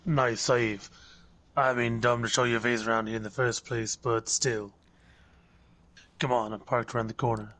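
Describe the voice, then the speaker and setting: A man voicing a gruff, sardonic male Nosferatu vampire with a gravelly voice and a blunt, grumbling manner. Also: medium pitch, little pitch movement, moderate pace, long pauses, a bit bright, close to an everyday voice. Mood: wry.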